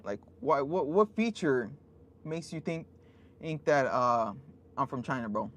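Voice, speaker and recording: A man streaming from his van, casually reading out chat messages in a laid-back, halting way. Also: medium pitch, animated, slight background noise. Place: inside a parked van.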